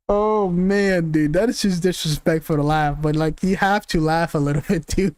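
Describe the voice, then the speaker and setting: A man's voice: a little high, steady tone, moderate pace, few pauses, a little mellow, clear, resonant tone, no echo. A young man streaming casual commentary, rambling, cursing, laughing often and groping for names.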